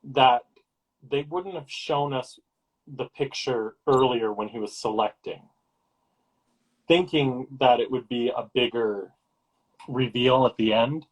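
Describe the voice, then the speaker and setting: Male co-host, husky, mid-pitched, calm and thoughtful in a casual film chat. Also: slow pace, pauses often, poor audio. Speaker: podcast co-host.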